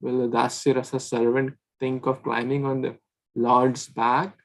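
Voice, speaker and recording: A man's voice: mid-range voice, little pitch movement, measured pace, vocal fry, poor audio. A man leading a scripture class in a chatty teaching style, often checking in with the listeners. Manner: chatty, keeps asking "right?".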